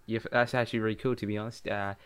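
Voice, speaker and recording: Young man, podcast co-host, low-ish voice, rambling, repeats himself, lots of uhs. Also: level tone, very fast, a loud crowd. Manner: rambling, repeats phrases, many fillers. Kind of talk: casual chat.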